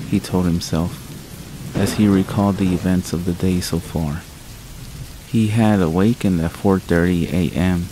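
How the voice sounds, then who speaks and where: A man narrating horror stories in a calm, measured way with dramatic pauses. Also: low-pitched, a little hiss or hum, rough recording.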